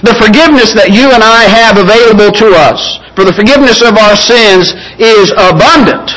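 A man preaching a sermon, measured and emphatic, slowing down to stress key phrases. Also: high voice, a bit bright, rough recording.

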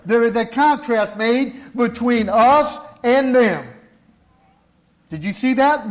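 A man with a notably high voice delivers a sermon. He speaks earnestly and at a measured pace, driving points home through repetition. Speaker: preacher.

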